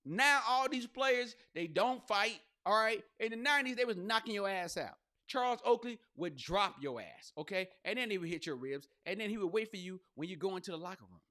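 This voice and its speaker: A male podcast host and comedian delivering a loose, profane, riffing monologue, jumping into quick voices and asides. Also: sits high, lively intonation, sharp tone.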